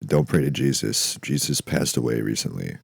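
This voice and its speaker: Deep gravelly deadpan man. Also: moderate pace, dry recording. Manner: dry, deadpan, profane. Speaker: podcast host. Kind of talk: deadpan comedic monologue.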